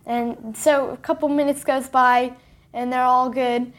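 A woman's voice: sits high, fairly even intonation, measured pace. A young woman in casual chat, recapping a movie plot in a chatty way, full of "like". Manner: chatty recap with many filler likes.

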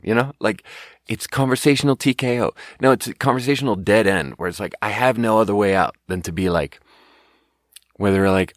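A low-pitched man talks on his own show in a loose, meandering monologue. He restarts his sentences and slips laughs into his thoughts, sounding a little self-conscious. The recording is close and dry, with no room around him. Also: brisk, dry recording. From Sweden. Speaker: podcast host. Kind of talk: casual solo monologue.

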